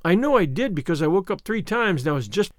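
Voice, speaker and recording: A man's voice: sits high, sing-song, fast, dry recording, studio quality. A man voicing a dramatic, imaginative young orphan girl who talks in a gushing, theatrical way. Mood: sulky.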